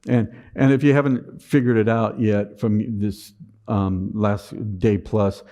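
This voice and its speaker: Speaking slowly with a lowish, warm voice and fairly even intonation, a man gives a motivational conference talk on stage. He often repeats words at the start of sentences and leans on dry, sarcastic humor.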